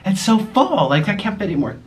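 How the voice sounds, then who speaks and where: Bubbly young man, lively sing-song voice. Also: sits high, quick pace, slight background noise. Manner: bubbly, gushing, talks to his pets in baby talk. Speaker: vlogger. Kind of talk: casual mukbang chat.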